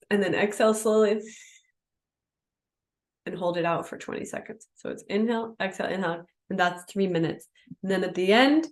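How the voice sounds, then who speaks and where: Casual woman teaching a yoga class. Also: medium pitch. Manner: casual, explaining and demonstrating moves. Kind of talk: live online class instruction.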